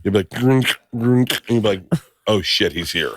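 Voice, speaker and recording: Low-voiced middle-aged man telling rambling stories. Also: fast talker, a bit bright, dry recording, studio quality. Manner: profane, rambling storyteller acting out quotes. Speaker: podcast host. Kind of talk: casual chat, storytelling.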